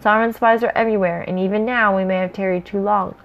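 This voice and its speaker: An elegant elf warrior, grave and measured in speech, as a woman reads him aloud. His voice sits in a middle register. The recording sounds muffled and lo-fi. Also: medium pitch, fairly even intonation, close to an everyday voice.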